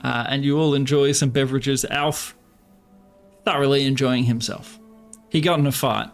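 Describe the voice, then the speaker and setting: A man with an Australian accent narrating as game master at a table of players, relaxed and quick to laugh. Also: medium pitch, creaky, faint music behind. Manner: relaxed, laughing easily while describing scenes. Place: room shared with other players.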